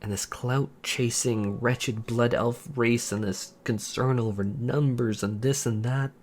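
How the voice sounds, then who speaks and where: A man, a gaming YouTuber, speaking in a candid personal monologue, earnest and frustrated, halting with repeated restarts. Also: mid-range voice, fairly even intonation, darkish tone, slight background noise.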